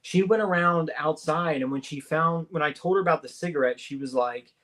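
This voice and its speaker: A man's voice: on the high side, a little fast, a bit bright. A man, a radio show guest, telling a story casually and acting out the dialogue, with many restarts.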